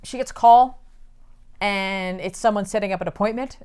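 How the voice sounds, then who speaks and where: Smooth-voiced woman recapping a comic. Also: mid-range voice, darkish tone. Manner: chatty, fills with "like" and "you know"; acts out characters' lines in quick bursts. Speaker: podcast host recapping a comic. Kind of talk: casual chat, retelling a story.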